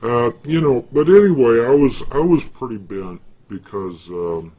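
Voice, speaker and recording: A man's voice: medium pitch, very animated, a little slow. A man in a rambling, casual monologue, folksy and boastful, with an aggrieved edge. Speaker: vlogger. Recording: dull lo-fi recording.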